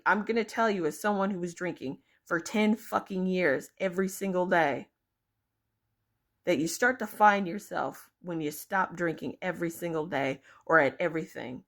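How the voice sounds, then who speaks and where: A young woman vlogging her opinions, blunt and exasperated, swearing freely as she rants to her viewers. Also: on the low side. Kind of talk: opinion rant to camera.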